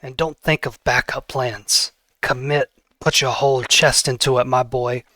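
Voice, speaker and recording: A man voicing the ghost of a roguish old father who speaks fondly and haltingly to his son. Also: medium pitch, steady tone, sharp tone, no room sound. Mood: earnest.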